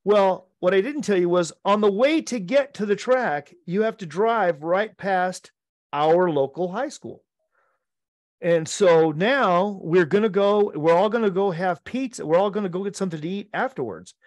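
A middle-aged man, a podcast co-host, telling an animated story among friends, laughing often and acting out the quotes. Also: high-pitched, normal speed, dry recording.

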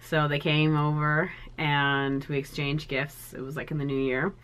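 A woman's voice: low-pitched, little pitch movement, measured pace, a bit bright, a little hiss or hum. A woman in her thirties chatting to camera as an art vlogger, talking in a chatty, sentimental way with plenty of fillers. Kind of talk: casual chat to camera.

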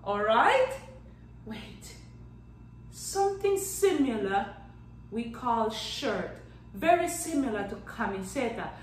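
A woman teaching a children's Spanish lesson in a playful, animated way. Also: fairly high pitch, takes it slowly, pauses often, echoey room, recorded from a distance, poor audio. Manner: animated and playful, claps out syllables, counts down magic tricks.

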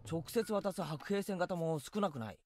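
A man's voice: on the high side, expressive, fast, faint music behind, natural voice. A man voicing a blunt, brash teenage boy. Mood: serious. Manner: blunt, rough-spoken. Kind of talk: Japanese game voice acting.

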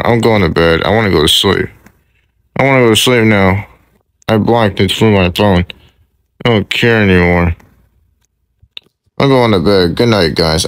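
A man's voice: on the low side, fairly bright tone, clean tone, no room sound, natural voice. A man playing a sad, stressed young male hero who rambles and repeats himself in a casual fan roleplay.

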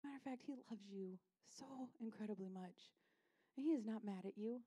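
A woman's voice: medium pitch, a little fast, mellow, husky. A woman pastor preaching a sermon in a church, conversational and impassioned, acting out voices and dropping to near-whispers at tender points. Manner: conversational, acts out voices of people and Jesus. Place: church sanctuary.

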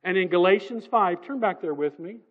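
A man preaching a sermon in a church, emphatic and conversational, swinging from loud passages to soft asides. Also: high voice, moderate pace, narrow, tinny audio. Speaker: pastor. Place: church sanctuary.

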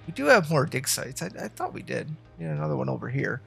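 Brief: male let's-play host, gravelly fry, lively pitch, musing aloud at his game, soft game music under him. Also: a little fast, few pauses. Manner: thinking aloud, chatting to the game's students. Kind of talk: casual gameplay commentary.

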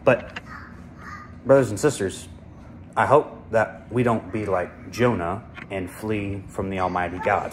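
A man's voice: fairly low pitch, unhurried, slight background noise. A man leading a small-group Bible lesson, speaking earnestly and unhurriedly, with fillers and restarts. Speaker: Bible study leader. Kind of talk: informal Bible teaching.

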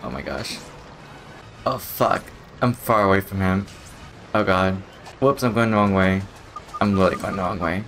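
A young man commenting on a video game as he plays, excitable and profane, laughing often. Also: deep voice, moderate pace, pauses often, faint music behind. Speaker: gaming YouTuber. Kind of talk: let's play commentary.

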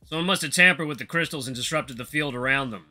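A man voicing a brisk, analytical young male researcher who speaks in a clinical, matter-of-fact way. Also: mid-range voice, pushed and bright.

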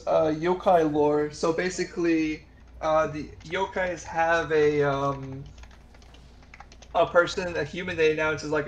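A man chatting with friends while gaming, rambling with many hesitations. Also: on the high side. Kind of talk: casual chat while gaming.

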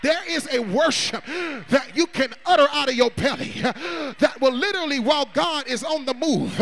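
A male pastor preaching a sermon, swinging between shouts and hushed asides and calling on the congregation to respond. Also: very high voice, fairly quick, creaky, hardly any pauses. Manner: call-and-response prompts to the congregation.

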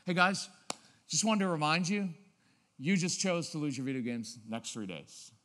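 A man giving a live parenting seminar, acting out scenes and switching between loud and quiet, low-key tones. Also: lively intonation, moderate pace. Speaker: parenting speaker. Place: church auditorium. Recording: long reverb of a large hall.

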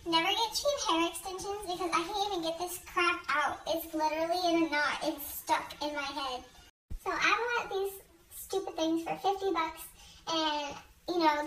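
A woman's voice: very high voice, fairly bright tone, rough recording. A young woman ranting bluntly and emphatically into her phone camera for a social media story. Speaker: vlogger.

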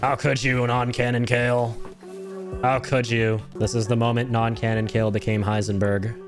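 Hyped dude streaming a game, swears a lot, jumps to high yelps, bit of music behind. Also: male voice, moderate pace. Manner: excitable, swears, frequent laughs and sudden high yelps. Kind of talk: playing a game and reacting to chat.

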